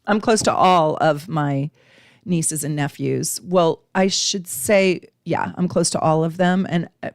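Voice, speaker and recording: A chatty, effusive woman doing live astrology readings for her viewers. Her voice sits on the low side and she laughs easily. The sound is close and dry, with no room echo. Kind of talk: live-stream casual chat.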